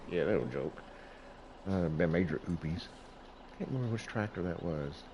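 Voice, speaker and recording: A man's voice: low voice, animated, a little slow, noisy background. A middle-aged man who hosts a gaming channel, telling a rambling story about himself over gameplay, folksy and chuckling often.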